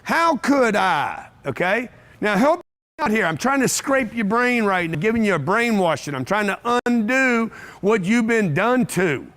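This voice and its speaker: Brash high-voiced male seminar speaker. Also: lively intonation, normal speed, fairly bright tone. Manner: brash, punchy, repeats phrases for effect. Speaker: motivational speaker. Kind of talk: live seminar talk to an audience. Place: event room with an audience.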